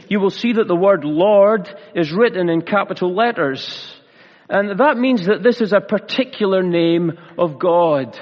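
A pastor preaching a sermon in a measured way, slowing down for emphasis and adding light humor. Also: male voice, high-pitched. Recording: reverberant hall, dull lo-fi sound.

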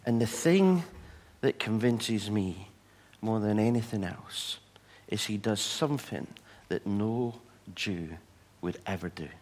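A pastor preaches a sermon in a lowish voice, speaking slowly with hardly any pauses. He tells personal stories and acts out the people in them, giving each quoted person an animated voice.

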